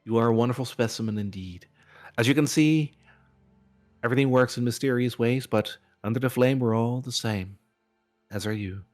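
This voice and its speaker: A man putting on a warm Southern priestess. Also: mid-range voice, normal speed, soft background music, voice pushed up, lightly acted. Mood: warm welcoming. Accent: Southern American, put on. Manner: gentle, welcoming, preachy. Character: warm stout middle-aged woman priestess, radiant.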